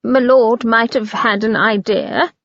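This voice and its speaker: A woman's voice: on the high side, takes it slowly, a bit bright, dry recording, dull audio, heavily acted. A woman doing a sulky, evasive old valet. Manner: rustic, evasive, grumbling speech.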